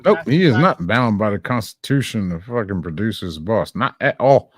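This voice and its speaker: Give me a low-voiced man hosting a casual reaction stream, dry and close on the mic. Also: lively intonation, moderate pace, dry recording. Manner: crude, sarcastic running commentary.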